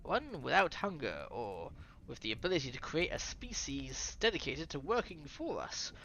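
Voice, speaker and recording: Pompous French scientist, slow and lecturing, lively pitch, put on by a reader. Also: a little hiss or hum, poor audio.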